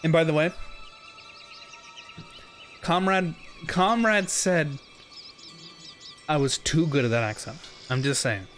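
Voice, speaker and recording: Faint music plays behind this young man's fairly high, slightly bright voice as he takes things slowly, pausing often. Casually streaming a video game, he keeps up joking, sarcastic commentary and breaks into goofy voices now and then.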